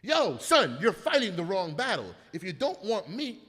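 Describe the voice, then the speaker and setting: A man in casual comedic chat, telling animated, profane stories with acted-out quotes. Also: sits high, normal speed. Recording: long hall reverb.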